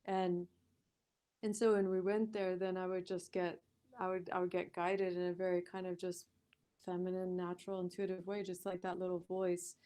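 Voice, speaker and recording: A woman telling a personal story as a podcast guest, animated, laughing often and acting out the voices she quotes. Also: fairly low pitch, normal speed, clean tone. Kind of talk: storytelling in a conversational interview.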